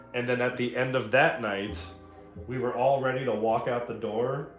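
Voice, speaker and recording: A man's voice: medium pitch, slow. A man chatting casually on a livestream, telling stories with plenty of swearing and laughter. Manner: profane, laughing storyteller. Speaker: streamer. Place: home room while painting. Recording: roomy echo, faint guitar music.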